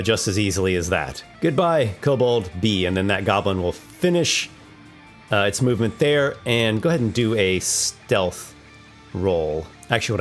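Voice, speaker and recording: A man hosting a tabletop monster battle, narrating with enthusiasm and thinking aloud over the dice rolls. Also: on the low side. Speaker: host running a monster battle. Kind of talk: narrating a tabletop combat simulation.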